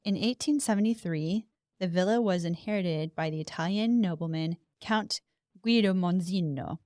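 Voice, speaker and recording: Smooth, low-voiced woman podcaster. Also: moderate pace, a little mellow, no echo, clean studio sound. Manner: chatty, reads history notes aloud with asides. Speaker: podcast co-host. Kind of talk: casual podcast chat.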